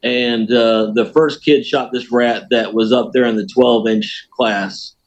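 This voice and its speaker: American guy on a podcast spinning a hunting yarn, folksy and animated. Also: medium pitch, unhurried, lo-fi sound. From United States. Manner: animated storyteller, folksy, laughs at his own tale. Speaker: podcast guest. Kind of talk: casual storytelling.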